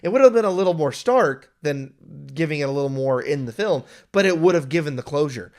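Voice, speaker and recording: Young male co-host, excitable film talk, acts out lines, a touch high. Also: a little fast. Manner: excitable, acts out imagined dialogue, many restarts. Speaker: podcast co-host. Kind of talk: casual film review chat.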